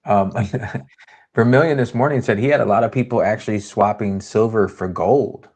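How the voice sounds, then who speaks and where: A man's voice: on the low side, normal speed, a little mellow. A man hosting a casual livestream, talking in a loose, rambling way and reading viewer comments aloud. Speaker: host.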